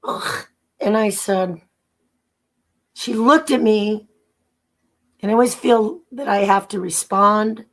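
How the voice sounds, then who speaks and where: A woman guest tells her own story in an interview. She rambles, restarts her sentences often, and acts out the voices of people she remembers. Her voice sits at a middle pitch. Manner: rambling, halting, with many restarts and acted-out quotes. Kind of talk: personal testimony.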